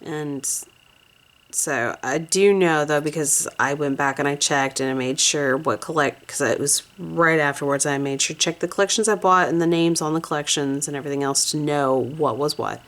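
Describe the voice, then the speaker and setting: A woman casually talking through her nail polish swatches at home, slow and rambling with restarts. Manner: soft high cooing baby talk to her cat. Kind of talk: casual swatch video chat.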